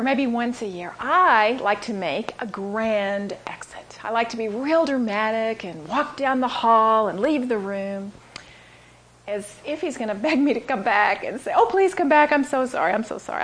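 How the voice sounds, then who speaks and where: A woman teaching a sermon, telling stories with animated delivery and dropping into near-whispers for emphasis. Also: on the high side, moderate pace. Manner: animated storytelling, acting out quotes, dropping to a whisper. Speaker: Bible teacher. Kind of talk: sermon to a women's audience.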